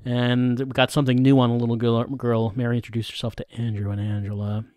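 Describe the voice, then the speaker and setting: A man's voice: mid-range voice, little pitch movement, fast talker, a little mellow, no echo. A man streaming a game, rambling through casual, self-deprecating jokes. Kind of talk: casual gameplay commentary.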